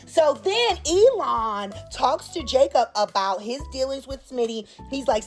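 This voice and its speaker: A woman's voice: high-pitched, animated, measured pace, few pauses, faint music behind. A woman casually recapping a soap opera episode in a sassy, opinionated way and acting out the characters' lines. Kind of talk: casual chat.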